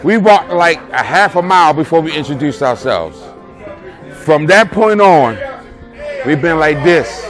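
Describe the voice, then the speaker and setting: A man, a close friend giving a rambling, streetwise spoken tribute. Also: a little high. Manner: loose, rambling, streetwise talk with many "you know what I'm saying". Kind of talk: casual spoken memories. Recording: music and crowd chatter behind.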